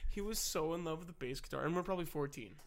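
A man's voice: on the high side, fast talker. A young man co-hosting a podcast, telling crude stories to his friends and laughing through them. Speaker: podcast co-host. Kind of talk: casual storytelling among friends.

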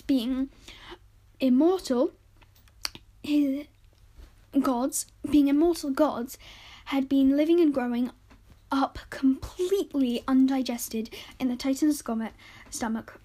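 Casting: stern teacher lecturing the class, high voice, matter-of-fact storybook read, as a woman plays him. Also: dark tone, poor audio. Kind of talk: storybook reading.

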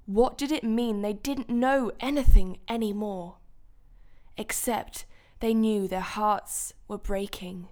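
Woman teaching kids a bible lesson, slow and gentle, asks questions. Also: medium pitch, steady tone.

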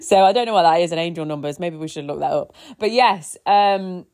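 A woman's voice: fairly low pitch, a little fast, hardly any pauses, a little mellow. A woman in her thirties hosting a casual solo podcast, a chatty, rambling storyteller who often restarts her sentences. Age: 30s. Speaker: podcast host.

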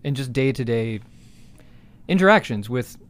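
A man's voice: mid-range voice, lively intonation, moderate pace. A man from the United States hosting a casual podcast chat, easygoing with dry jokes and plenty of fillers. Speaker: podcast host.

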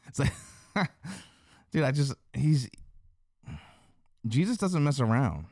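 A man giving casual, excitable Bible commentary full of slang and asides. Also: medium pitch, very slow, pauses often, no echo, studio quality.

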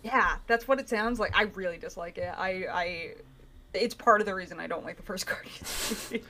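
A woman in casual podcast chat, ranting with animated exasperation. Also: mid-range voice, normal speed.

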